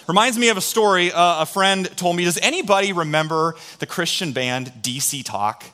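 Bright-voiced male pastor preaching. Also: sits high, moderate pace. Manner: storytelling, animated, drawing in the congregation. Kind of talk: sermon.

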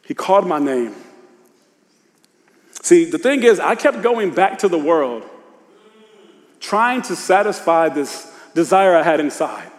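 A man preaching a sermon in loose, casual speech, dropping to a hush and rising to shouts. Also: on the high side, animated, measured pace, long pauses. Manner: swings from hushed confession to shouted exhortation; informal Southern-tinged preacher speech, "y'all" and "ain't". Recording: long hall reverb.

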